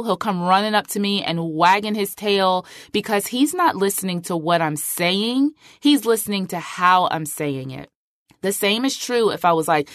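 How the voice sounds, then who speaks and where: A woman's voice: lowish voice, normal speed, no room sound, studio quality. Chatty, emphatic woman podcast host. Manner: chatty, emphatic, heavy use of filler like. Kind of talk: casual podcast monologue.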